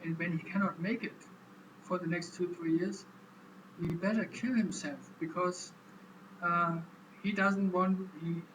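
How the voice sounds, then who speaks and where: A man vlogging in a casual monologue, speaking haltingly and repeating words as he explains. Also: high-pitched, fairly even intonation, background noise.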